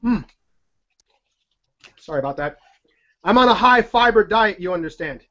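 Jokey excitable man on a lo-fi stream. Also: high voice, moderate pace. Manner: jokey, excitable, rambling with self-deprecating asides. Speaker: card magician giving a live online Q&A. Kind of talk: chatty live-stream demonstration. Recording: dull lo-fi stream audio.

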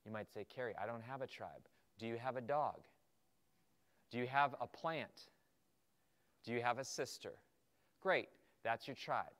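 A middle-aged man teaching an entrepreneurship workshop, lecturing with energy and acting out quoted emails and questions in lively voices. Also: medium pitch, measured pace, pauses often. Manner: animated, acts out quoted emails and students' questions. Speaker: entrepreneurship instructor.

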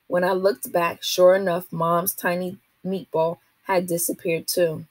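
A woman, a teacher, reading a children's novel aloud to a class in a steady, expressive way. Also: fairly low pitch, measured pace, dry recording.

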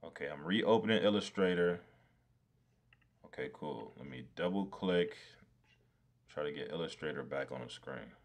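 A man's voice: rumbling low, lively intonation, normal speed, long pauses. A man live-streaming his design work, talking to himself as he goes, swearing freely and laughing when things go wrong. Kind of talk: casual live-stream commentary.

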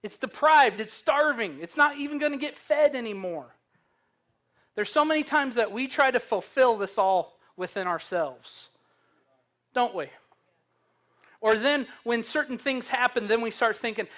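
A man's voice: very high-pitched, lively intonation, measured pace, fairly bright tone. A young man preaching a sermon, earnest and humorous, telling stories. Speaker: pastor.

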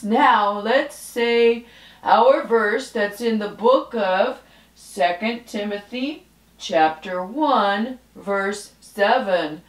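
A woman teaching a children's Bible lesson, speaking slowly and clearly as she leads the kids in reciting together. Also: on the high side. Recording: roomy echo.

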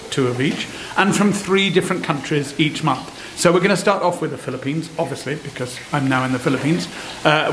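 His voice a little high, a British cooking vlogger in his sixties addresses the camera with excited, rambling chatter. The recording comes from an echoey room with clear background noise.

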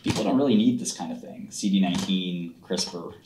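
A man's voice: low-pitched, fairly quick, noisy background. A man hosting a casual livestream, picking apart stocks in a blunt, offhand, sarcastic way. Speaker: host analyzing stocks on a livestream. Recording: roomy echo, faint keyboard typing.

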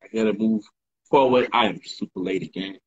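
A man's voice: lowish voice, fairly quick, lo-fi sound, a little hiss or hum. A man hosting a casual livestream monologue, emphatic and repetitive in his talk, full of slang. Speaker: livestream host and author.

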